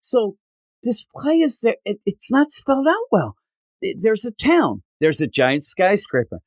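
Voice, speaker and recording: A man chatting on a comics podcast with a lively, swooping pitch that jumps when he gets worked up. He sounds exasperated and animated, and the recording is close and dry. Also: measured pace, no echo. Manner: animated, exasperated, quotes characters in mock voices. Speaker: podcast co-host reviewing comics. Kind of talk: casual chat.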